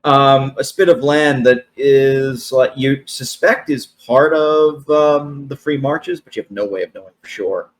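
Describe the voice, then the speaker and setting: A man narrating a tabletop game as game master, often pausing on fillers. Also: medium pitch. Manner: hesitant, full of fillers.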